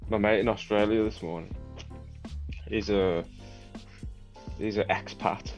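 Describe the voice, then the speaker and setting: Low-voiced man chatting about trades. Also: fairly even intonation, a little slow, muffled recording, faint music behind. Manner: matey banter, says "mate" often. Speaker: co-host of a live trading show. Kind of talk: casual trading chat.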